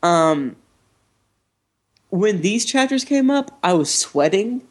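A man hosting a casual podcast chat from a living room, talking in an animated, joking way and swearing freely. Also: sits high, takes it slowly.

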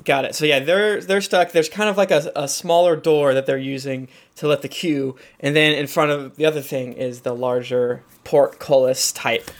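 A man's voice: fairly high pitch, fairly even intonation, normal speed, few pauses. A man narrating as game master, hesitant with many fillers, who slips into voices for side characters.

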